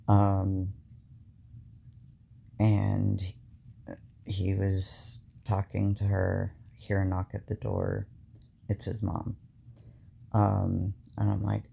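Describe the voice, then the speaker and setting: A young man tells a personal story slowly and haltingly, his low, mellow voice often trailing into fillers. His tone is dark and a little gravelly throughout. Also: level tone. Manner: halting, many fillers, recounting a stressful event.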